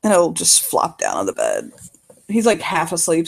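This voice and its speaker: A woman's voice: lowish voice, huge pitch swings, normal speed, gravelly. A woman narrating her characters in a casual role-play, swearing freely and laughing often.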